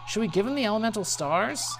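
An excitable young male hero from a video game, as a woman puts him on, pitched way up and anxious, firing off worried questions. The voice climbs and dips with lively swings. Faint music sits behind. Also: fast, natural voice. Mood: alarmed. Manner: high, agitated and questioning.

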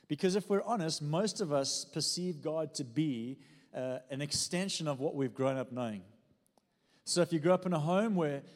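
Male pastor, fervent sermon delivery with humor, slightly high voice, church hall reverb. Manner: fervent preaching with jokes and audience prompts.

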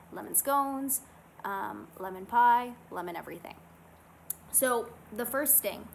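A woman vlogger talking casually and earnestly to camera, guiding listeners through calming self-help steps. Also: medium pitch, a little hiss or hum, low-quality recording. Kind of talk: casual motivational talk to camera.

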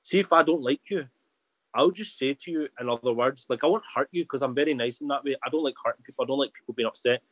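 A man's voice: medium pitch, quick pace, a bit bright, dry recording, low-quality recording. A man chatting as a podcast guest, candid and rambling, often restarting his sentences. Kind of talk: casual chat.

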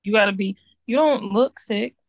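A woman's voice: medium pitch, normal speed, dry recording. A woman co-hosting a podcast, trading playful, teasing banter with her friends. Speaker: podcast co-host. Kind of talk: casual chat.

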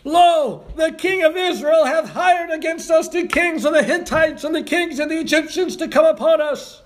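A man voicing panicked fleeing soldiers crying out in alarm. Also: normal speed. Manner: shrill, alarmed cries.

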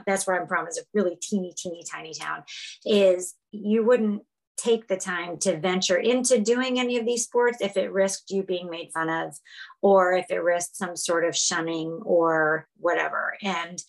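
Animated woman telling her story on a call. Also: lowish voice, rough recording. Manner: animated, laughs often, acts out quotes. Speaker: podcast guest, fitness instructor. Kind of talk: casual interview storytelling. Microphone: video call.

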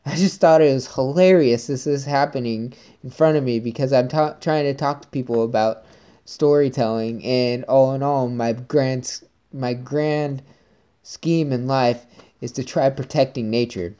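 Male podcast host, mellow voice, upbeat, rambling solo chat. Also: medium pitch, measured pace, clear, resonant tone. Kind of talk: casual solo podcast monologue.

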